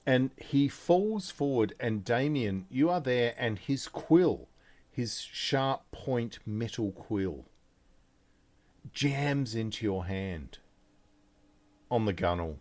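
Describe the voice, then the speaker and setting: A man narrating as game master of a tabletop game, in a relaxed, halting way with small fillers and restarts. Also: medium pitch.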